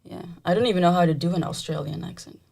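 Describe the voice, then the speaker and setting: A woman's voice: on the low side, fast talker, vocal fry. A woman from the Netherlands, a native Dutch speaker whose English has an American-trained sound with a slight Dutch accent, co-hosting a casual livestream and hedging often. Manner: soft-spoken, hedging with "like" and "I think". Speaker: host's wife, co-host.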